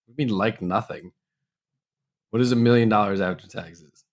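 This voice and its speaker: A man's voice: fairly low pitch, moderate pace. A young man co-hosting a podcast, joking and teasing in casual chat and laughing often. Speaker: podcast co-host.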